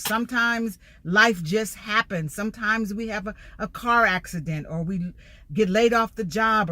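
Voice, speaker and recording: With a sharp tone at medium pitch, this middle-aged woman speaks as a life coach and empowerment speaker. Her motivational talk is emphatic, delivered in a repeating, sermon-like rhythm.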